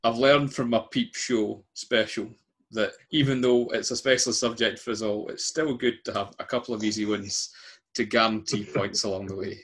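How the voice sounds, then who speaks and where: A man's voice: lowish voice, steady tone, moderate pace, a bit bright. A Scottish man hosting a casual quiz, chatty and self-deprecating, laughing often as he reads out questions. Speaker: quiz host.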